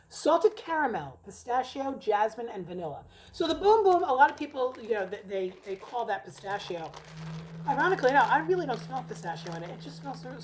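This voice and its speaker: A woman's voice: on the high side, low-quality recording. A middle-aged woman at home, chatting casually and rambling as she reviews wax melts, swearing now and then. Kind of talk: casual chat. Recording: noticeable background noise.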